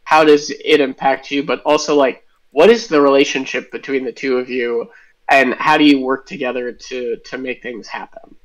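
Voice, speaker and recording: A man's voice: mid-range voice, fairly even intonation, moderate pace, low-quality recording. A man answering interview questions as a game designer, enthusiastic and thinking aloud with tangents.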